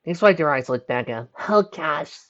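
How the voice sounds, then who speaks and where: A man's voice: mid-range voice, lively intonation, fast, a bit bright, muffled recording. A man reading a pony fan story aloud, voicing each character's lines in turn. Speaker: fanfiction reader. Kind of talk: storybook narration.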